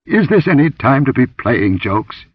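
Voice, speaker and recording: A man voicing a blunt, commanding barbarian warrior in an audiobook, gruff and grunting. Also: low-pitched, very animated, normal speed, dry recording, far from the mic, muffled recording, full character voice. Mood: acid.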